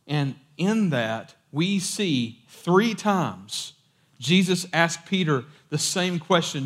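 A man preaching a sermon in a casual, animated storytelling way. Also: on the high side, slow pace.

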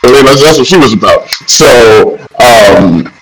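A man's voice: medium pitch, expressive, measured pace, reverberant, over a noisy crowd, poor audio. A man in his forties telling a long, rambling story in a casual interview, full of "like" and "man". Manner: laid-back, rambling, lots of "like" and "man". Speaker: guest, writer.

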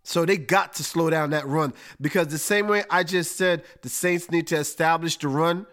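Animated man breaking down football. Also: on the high side, normal speed. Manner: animated, emphatic, folksy with slang. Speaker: podcast host. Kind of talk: casual sports analysis.

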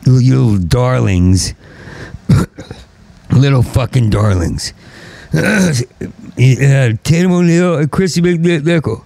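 A man, a stand-up comedian, in a profane rambling rant, stuttering and repeating syllables and swinging into angry shouting. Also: medium pitch, slow pace, gravelly, pauses often, no echo.

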